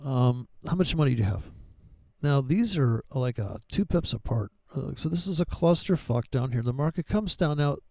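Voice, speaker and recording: A man talks through his forex charts in a loose, rambling way, swearing freely and dropping sarcastic jokes. His voice is gravelly and dark, and the room sounds dry and close. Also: medium pitch, expressive, normal speed, no room sound. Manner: rambling, profane, sarcastic asides. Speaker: forex trading educator. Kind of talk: casual profane trading commentary.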